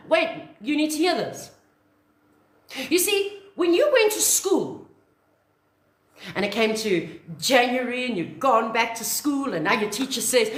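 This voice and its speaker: Animated woman coach. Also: a little high, slow, long pauses, roomy sound. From South Africa. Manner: animated, acts out little scenes. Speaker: online business coach. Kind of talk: motivational talk to camera.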